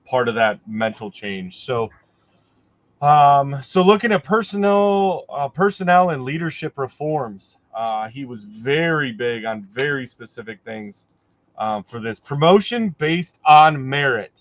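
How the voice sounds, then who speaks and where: A man's voice: mid-range voice, animated, measured pace, no echo. Man talking casually, dry dull sound. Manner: conversational, hesitant, many fillers. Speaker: co-host. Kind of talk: casual livestream chat.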